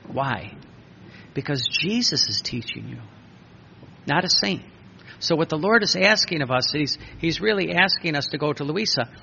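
A man preaching a sermon, emphatic and repetitive, with a gravelly voice. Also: on the high side, lively intonation, moderate pace, sharp tone. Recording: dull lo-fi recording with faint noise.

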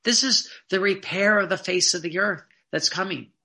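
A man's voice: high voice, normal speed, sharp tone. A man giving a Catholic sermon, reading devotional passages aloud and explaining them in plain, earnest asides. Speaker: Catholic preacher.

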